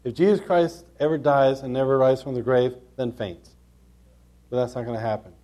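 A man's voice: mid-range voice, fairly even intonation, normal speed, mellow. A man preaching a sermon, telling stories and then urging his listeners on with a repeated refrain. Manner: storytelling, urgent exhortation with repeated refrains.

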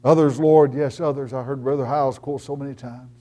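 A middle-aged man preaching a sermon as pastor, swinging between loud emphatic lines and hushed storytelling. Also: medium pitch, fairly even intonation, a little fast.

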